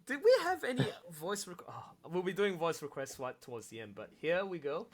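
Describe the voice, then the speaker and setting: A man directing an audio drama, hosting a casual, excitable watch-along and laughing often as he gushes about scenes. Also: on the high side, brisk. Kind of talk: casual commentary chat.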